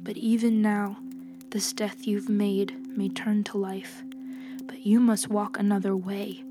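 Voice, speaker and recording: A calm young healer speaks softly and gravely, as a woman reads her in a storybook tale. Her voice is hushed and steady, low in volume and flat in its melody, with music beneath. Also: natural voice. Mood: gentle. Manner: soft, calm, measured speech.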